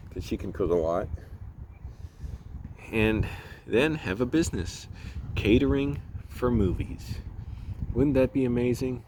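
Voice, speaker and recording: A man's voice: on the low side, slight background noise. Chatty man rambling outdoors. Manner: rambling, chatty, laughs at himself. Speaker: vlogger. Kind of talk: casual vlog monologue. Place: outdoors walking around a complex.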